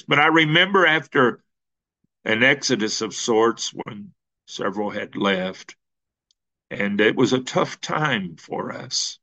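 A male pastor telling a story in a sermon, slow and halting with many fillers, then building to emphatic peaks. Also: mid-range voice, pushed and bright, highs cut off.

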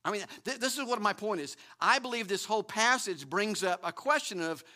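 A man's voice: high voice, animated, brisk, pushed and bright. A middle-aged man preaching a sermon, emphatic, asking rhetorical questions and often repeating words. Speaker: pastor.

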